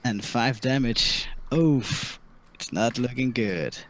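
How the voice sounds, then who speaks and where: A man running a tabletop game as dungeon master, narrating enemy moves in a relaxed, laughing, somewhat halting way. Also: medium pitch, slight background noise. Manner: relaxed, laughing, often hesitant.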